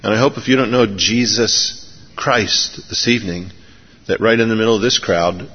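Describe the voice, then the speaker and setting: A man preaching a sermon, sometimes acting out the people in his story in raised, animated voices. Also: on the low side, moderate pace, husky. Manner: acts out biblical characters in lively raised voices. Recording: dull recording in a reverberant hall.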